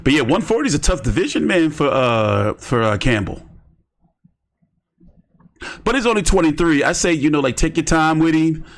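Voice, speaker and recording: A man's voice: a little high, big pitch swings, normal speed, long pauses. A man giving rambling, slangy commentary on boxing during a casual live stream. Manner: rambling, slangy, talks to himself while browsing.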